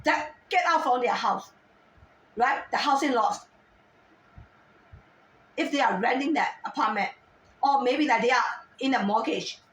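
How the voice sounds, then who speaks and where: A high-pitched woman rants and scolds at length, throwing out question after question in halting non-native English. She sounds a little far from the mic, and her voice carries the echo of a roomy space. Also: fairly bright tone. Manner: agitated, scolding, repeated rhetorical questions. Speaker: vlogger. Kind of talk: ranting monologue to camera.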